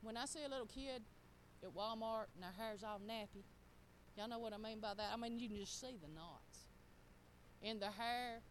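A woman's voice: a little high, normal speed, a little hiss or hum, poor audio. A middle-aged woman preaching a sermon, talking straight to the congregation in a folksy way.

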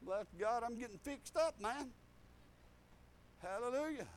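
Full of laughs and hallelujahs, this older man's folksy sermon rambles from story to story. He speaks in an animated, unhurried way with a high-pitched voice, and there's a little hiss or hum in the recording.

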